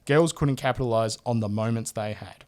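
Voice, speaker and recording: A man's voice: mid-range voice, a little fast, darkish tone, slight background noise. A man, hosting a casual podcast and reading out listener feedback with laughs and the odd swear. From Australia. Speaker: podcast host.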